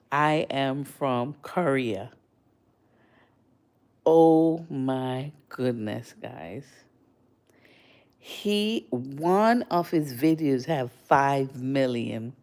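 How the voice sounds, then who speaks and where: An older woman from Jamaica telling a story to her livestream viewers in a casual, animated way, her voice jumping high when she is surprised. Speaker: livestream host.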